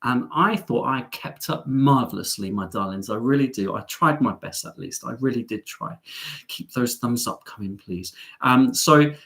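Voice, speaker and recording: A man's voice: medium pitch, expressive, moderate pace, vocal fry, fairly bright tone. A middle-aged man hosting a live stream, chatting casually as he reads out viewer comments, with sarcastic, self-mocking asides and lots of ums.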